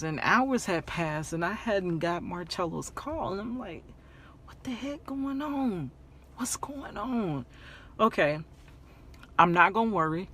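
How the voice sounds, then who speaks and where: A woman vlogger telling a personal story in a casual storytime way, animated, laughing often and repeating phrases for emphasis. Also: on the low side.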